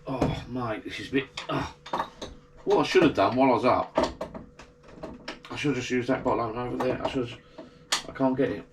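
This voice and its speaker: A man's voice: mid-range voice, a little fast, long pauses, noisy background. A man chatting casually to an action camera in his garden shed bar, rambling and grumbling. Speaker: vlogger.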